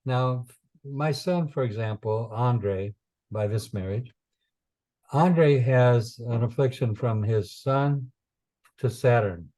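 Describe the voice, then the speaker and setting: A man explains astrology in a loose teaching talk. His voice is mellow and warm, pitched mid-range. He wanders between points, repeats himself and fills pauses with "you know" and "um", leaning earnestly into a preaching cadence. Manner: rambling, with many fillers and repetitions. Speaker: astrologer teaching chart interpretation.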